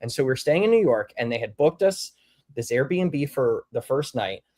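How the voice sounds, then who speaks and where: A man casually telling a story in a group chat, acting out quoted lines with big swings in voice. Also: moderate pace. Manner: animated, acts out quotes with big pitch swings.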